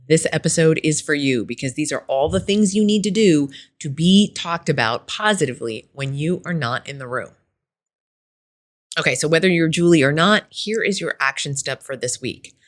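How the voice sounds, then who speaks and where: A middle-aged woman hosting a workplace advice podcast, telling a story in a conversational coaching tone. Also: low voice. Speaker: podcast host.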